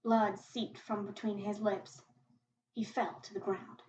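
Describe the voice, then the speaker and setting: A woman podcast host reading a short story aloud in a steady, quiet narrating voice. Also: medium pitch, measured pace, slight background noise. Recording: echoey, distant, muffled home recording.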